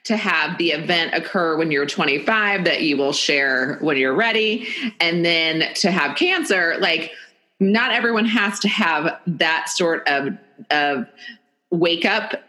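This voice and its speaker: Bright, lively-voiced woman host. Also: lowish voice, unhurried. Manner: rambling, lots of "like", thinks aloud. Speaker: podcast host. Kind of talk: casual interview chat.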